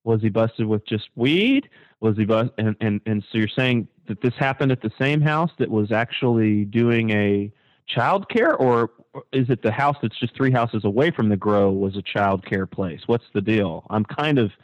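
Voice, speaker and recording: A man co-hosting a casual talk show, animated and sarcastic, his voice leaping high when he mocks something. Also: normal speed, no room sound, muffled recording. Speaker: podcast co-host.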